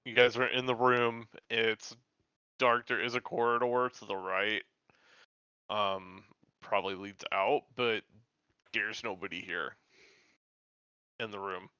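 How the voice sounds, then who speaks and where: A man running a tabletop game as game master, narrating in a relaxed, hesitant way over dull, lo-fi call audio. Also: on the low side, slow, pauses often, clear, resonant tone, dry recording.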